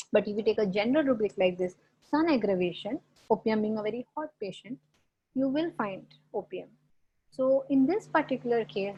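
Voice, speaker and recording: A woman with a slightly high, husky voice walks students through a clinical case in an online lecture. She explains patiently and keeps checking that her listeners follow. The audio is dull and lo-fi. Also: a little mellow. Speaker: homeopathy lecturer.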